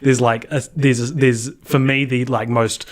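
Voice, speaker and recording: A man's voice: medium pitch, flat delivery, normal speed. Young guy cohosting a podcast, chatty, laughs a lot mid-sentence. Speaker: podcast co-host. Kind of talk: casual podcast chat.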